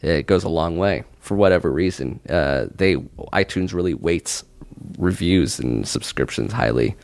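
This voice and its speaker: A man's voice: low voice, normal speed, gravelly, dry recording. A man co-hosting a comedy podcast, chatting casually with frequent laughter and joking riffs. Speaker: podcast co-host.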